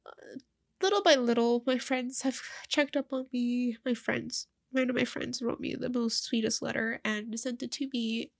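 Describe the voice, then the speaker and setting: A young woman speaking in a personal vlog while crying. Her nose is stuffy, and she talks haltingly, often repeating words. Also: a little high, fairly even intonation, gravelly, no room sound, clean studio sound.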